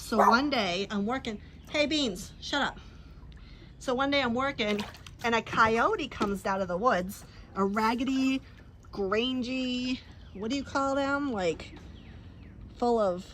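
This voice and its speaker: A woman's mid-range voice, with a little hiss or hum, comes through a handheld phone during a casual poolside live stream. She rambles and teases her dogs, whose barking fills the background.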